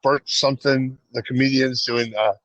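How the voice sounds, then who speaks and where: A man's voice: mid-range voice, normal speed, muffled recording. A man co-hosting a casual podcast, telling stories and acting out voices as he goes. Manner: animated storyteller, acts out voices. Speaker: podcast co-host. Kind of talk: casual chat.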